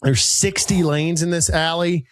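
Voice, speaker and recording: A man in his thirties, a podcast co-host telling a rambling, animated story with many fillers and jumps into high voices for people he quotes. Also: unhurried, no echo. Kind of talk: casual storytelling chat.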